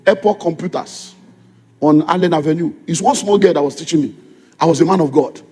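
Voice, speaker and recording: Nigerian man, middle-aged pastor, sermon, high voice, husky tone, call-and-response questions. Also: fairly quick, a little mellow. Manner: preaching with repeated rhetorical questions, call and response. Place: church. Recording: long reverb of a church hall.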